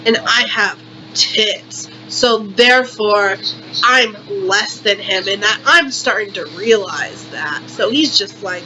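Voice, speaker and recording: A woman's voice: medium pitch, takes it slowly, lo-fi sound, background noise. A young woman vlogger performing a satirical monologue in exaggerated, repetitive, melodramatic outrage.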